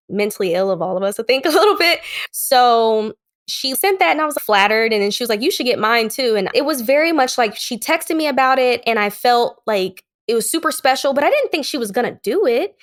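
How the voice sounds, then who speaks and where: Woman podcast guest, higher voice, candid and animated storyteller. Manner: animated, acts out quoted lines.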